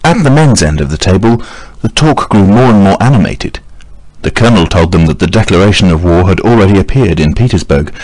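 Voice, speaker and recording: A man narrating a classic novel as an audiobook reader, in a measured, even reading. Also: low voice, no echo, rough recording. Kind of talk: scripted narration.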